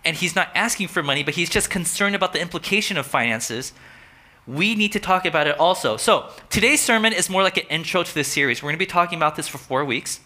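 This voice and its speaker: A man preaching a sermon in a relaxed, conversational way, telling a story and lifting his voice when he quotes. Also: a little high, fast talker. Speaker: pastor.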